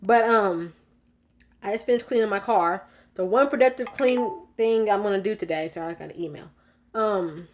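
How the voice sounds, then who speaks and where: A young woman vlogging from her car, chatting casually, a little out of breath, with lots of fillers and laughs. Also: medium pitch. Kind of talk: casual storytelling vlog.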